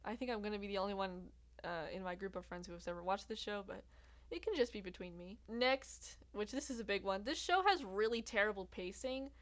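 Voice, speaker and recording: A woman's voice: medium pitch, a little fast. A young woman reviewing a TV series in casual chat, laughing often and talking in loose asides full of fillers. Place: outdoors in bright sunlight.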